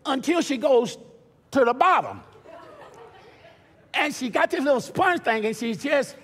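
An older man preaching a sermon as pastor, telling stories with stammered restarts and building to shouted preaching. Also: very high voice, lively intonation, unhurried, slightly rough, some chatter behind. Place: church sanctuary. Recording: long church reverb.

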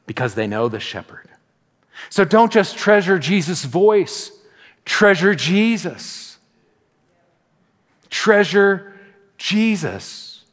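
A middle-aged man preaching a sermon as pastor, telling stories and acting out little asides in an animated way. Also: on the high side, slow pace. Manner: animated storytelling with acted-out asides. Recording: long reverb of a large hall.

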